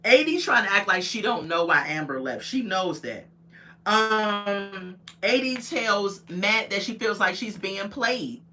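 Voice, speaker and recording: A woman recaps a reality show for her live-stream viewers in a loose, chatty way. Her voice is bright and clear. She laughs often as she retells the scenes. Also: medium pitch, animated, measured pace. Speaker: show reviewer.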